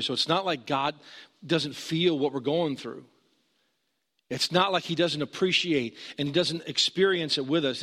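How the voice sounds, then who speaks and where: A man preaching a sermon as pastor, earnest, rising high when he urges and dropping low and slow for emphasis. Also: pushed and bright, big-room sound.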